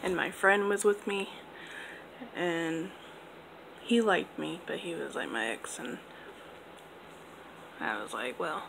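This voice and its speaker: A woman's voice: low voice, takes it slowly, gravelly, pauses often, background noise. A young woman in her twenties casually telling a personal story to camera, rambling with lots of fillers. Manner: rambling, filler-heavy, laid-back. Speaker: vlogger.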